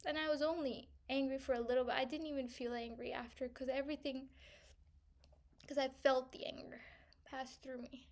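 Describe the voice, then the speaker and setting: A young woman speaks in a high voice in a personal vlog monologue. She is reflective and searching, pausing often and filling gaps with "like." At times she sounds tearful. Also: fairly even intonation, a little mellow. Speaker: vlogger.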